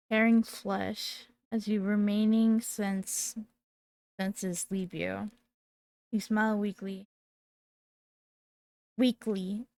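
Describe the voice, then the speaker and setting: Slow-reading young woman gamer. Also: mid-range voice, gravelly, a little mellow, no echo. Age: 20s. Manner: slow, dramatic reading with sudden startled outbursts. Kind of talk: reading horror game text aloud.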